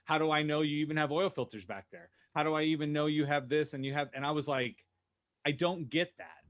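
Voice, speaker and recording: A man co-hosting a podcast, telling lively anecdotes and acting out what people said. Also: on the high side, fast talker, highs cut off. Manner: animated anecdotes, acting out quotes. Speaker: co-host. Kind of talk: casual podcast storytelling.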